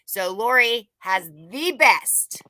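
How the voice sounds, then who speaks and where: A woman's voice: on the high side, expressive, slow pace, crowd noise. A woman hosting a livestream, chatting casually, joking and greeting viewers by name. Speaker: livestream host. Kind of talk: casual live-chat greetings.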